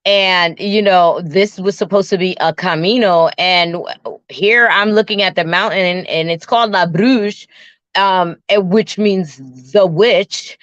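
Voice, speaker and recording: A woman casually telling a personal travel story, animated, often restarting and acting out her own and her friend's words. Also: on the low side, a little slow, no room sound. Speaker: guest storyteller. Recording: dull, dry lo-fi sound.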